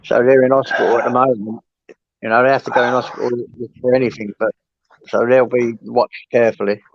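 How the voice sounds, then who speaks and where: An older man with a gravelly, fry-heavy voice, chatting bluntly in a casual call. The audio is dull and lo-fi, dry with no room sound, and his voice sits a bit high for a man. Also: level tone, brisk, no echo. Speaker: caller in a voice chat. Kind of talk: casual chat.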